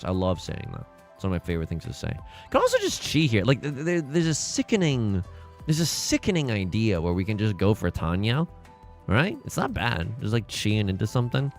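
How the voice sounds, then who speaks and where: A man streams his gameplay live and keeps a playful running commentary. His pitch swings widely as he jokes and often jumps into loud outbursts. Faint game music plays behind him. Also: a little fast. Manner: animated, jokey, bursts into sudden loud exclamations.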